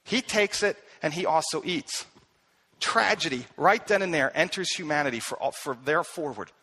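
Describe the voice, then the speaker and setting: A man preaching a sermon, telling the story with animated delivery and acting out the voices he quotes. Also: on the high side, normal speed, husky. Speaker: pastor.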